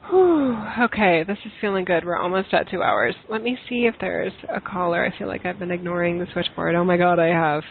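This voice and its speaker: A woman's voice: on the low side, a little fast, vocal fry, few pauses, slightly rough. A woman hosting a spiritual call-in podcast, talking to callers in an effusive, affectionate way. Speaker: podcast host. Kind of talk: call-in spiritual talk show. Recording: tinny phone-like sound.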